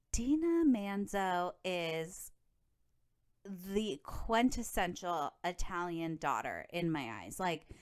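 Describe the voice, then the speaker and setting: A woman's voice: on the low side, clear, resonant tone. A woman hosting a solo podcast, chatty and gossipy, with frequent swearing and filler words. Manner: chatty, profane, gossipy, lots of "like". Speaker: podcast host.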